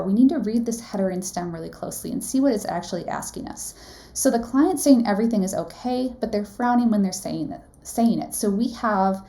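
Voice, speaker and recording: Leading a live webinar, a woman nursing exam instructor teaches in a conversational way, often putting questions to her audience and tacking on "right?". Her voice is mellow, with a medium pitch.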